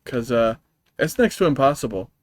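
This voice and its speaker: A man's voice: mid-range voice, animated, normal speed. Rich: A man in a middle register rants profanely while streaming a game. He rambles and circles back on himself, and the sound is dry and close with no room echo. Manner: profane, exasperated ranting; rambling, with many fillers and restarts. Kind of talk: live-streamed gameplay commentary.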